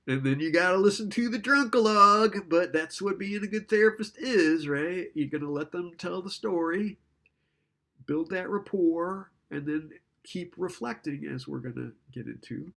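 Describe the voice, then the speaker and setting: Gravelly man giving a casual lecture. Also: high voice, animated, a little slow, fairly bright tone. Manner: conversational, keeps asking "right?"; acts out client and therapist lines.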